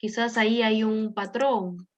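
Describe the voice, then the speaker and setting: A woman's voice: on the high side, steady tone, moderate pace. A woman interpreting a lesson phrase by phrase over a video call, choosing her words carefully. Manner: careful phrasing with small hesitations. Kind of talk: consecutive interpretation. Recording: dull lo-fi call audio.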